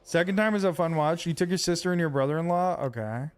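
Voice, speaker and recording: A man's voice: on the high side, fast talker, clear, resonant tone, no echo, faint music behind. A man streaming a video game, chatting casually with his viewers in a loose, rambling way full of fillers. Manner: rambling, relaxed, lots of fillers.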